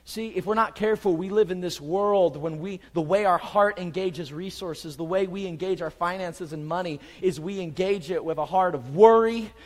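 A man preaching a sermon as pastor, swinging from urgent, raised emphasis to quiet, soft reassurance. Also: high-pitched, in a large hall, poor audio.

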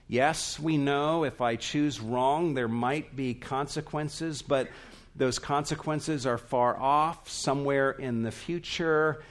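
Earnest man preaching an emphatic sermon. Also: mid-range voice. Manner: earnest, emphatic preaching with drawn-out stressed words. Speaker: pastor.

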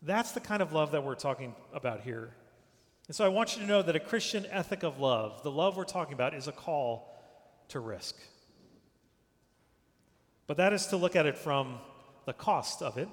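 A man preaching a sermon to a congregation. He speaks emphatically, repeats phrases and often drops to a hushed voice at the end of a line. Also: on the high side, animated, normal speed. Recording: long reverb of a large hall.

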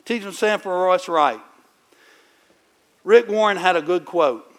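A middle-aged man preaching in a conversational, animated storytelling way, with sudden loud bursts. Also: high voice, a little slow. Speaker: pastor. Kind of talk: sermon.

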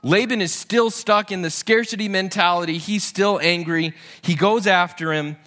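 Bright-voiced animated male preacher. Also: high voice, normal speed. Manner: animated storytelling, acting out Bible characters' voices. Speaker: pastor. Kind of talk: sermon.

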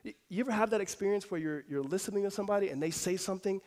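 Man, pastor, high-pitched voice, conversational sermon, lively storytelling, casual fillers. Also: racing. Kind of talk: expository sermon.

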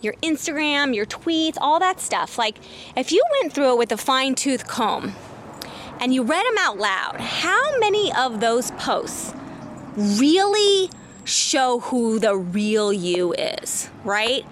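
This high-pitched woman speaks at a slow pace over slight background noise. She's a business coach filming a motivational vlog on a neighborhood walk, coaching viewers casually and emphatically and swearing freely whenever excitement takes over.

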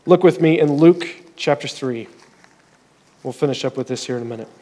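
A man's voice: mid-range voice, brisk, mellow, big-room sound. A man preaching a conversational sermon as pastor, reading scripture aloud with earnest emphasis.

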